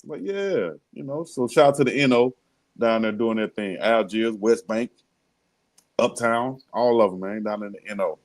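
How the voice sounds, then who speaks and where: Co-host: easygoing man, lowish voice, relaxed storyteller. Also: poor audio. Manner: laid-back storytelling, quick laughs. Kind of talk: casual sports talk show.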